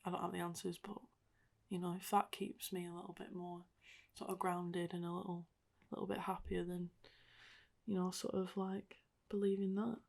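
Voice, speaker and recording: A young woman talks to her podcast listeners in a low, fairly level voice with a gravelly fry. She rambles gently and reflectively, leaning on "like" and "sort of" as she gathers her thoughts. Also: flat delivery, moderate pace. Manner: rambling and reflective, heavy use of "like" and "sort of" fillers. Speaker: podcast host. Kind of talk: personal podcast monologue.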